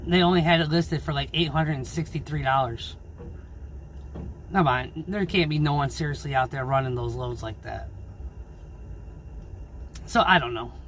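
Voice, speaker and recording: A man who drives his own truck, ranting angrily and swearing in a casual vlog about low freight rates. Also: moderate pace, long pauses, fairly bright tone, a little hiss or hum. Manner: angry, swearing, frustrated. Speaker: owner-operator truck driver.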